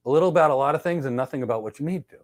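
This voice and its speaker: A man hosting a podcast, giving casual career advice and telling lively stories that he acts out in dialogue. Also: a little high, very fast. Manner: energetic storyteller who acts out dialogue. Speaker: podcast host.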